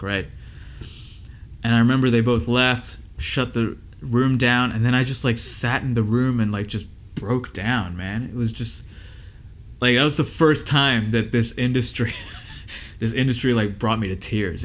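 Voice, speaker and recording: A man's voice: medium pitch, measured pace, fairly bright tone. A man who is a music engineer and teacher, giving casual advice and stories to his students in a loose, conversational way with lots of fillers.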